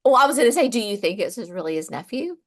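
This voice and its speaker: A woman co-hosting a podcast in casual chat, reacting quickly and asking questions. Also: mid-range voice, very animated. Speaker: podcast co-host.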